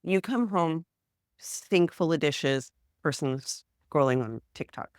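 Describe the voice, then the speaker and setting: A woman speaking as a guest therapist in a casual podcast conversation, frank and animated, acting out everyday examples. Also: deep voice, takes it slowly, clear, resonant tone, no echo, studio quality.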